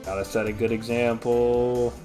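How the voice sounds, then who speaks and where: A man's voice: mid-range voice, little pitch movement, moderate pace, warm tone, lightly acted. A man doing a blustering bumbling cop. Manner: blustering, casual. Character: gruff, bumbling male police detective. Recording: game music playing behind.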